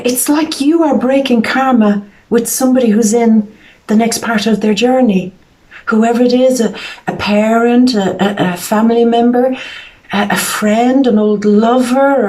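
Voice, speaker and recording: A woman's voice: fairly high pitch, a little mellow. A woman giving a psychic tarot reading in an earnest, emotional way, often repeating her words. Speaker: tarot reader.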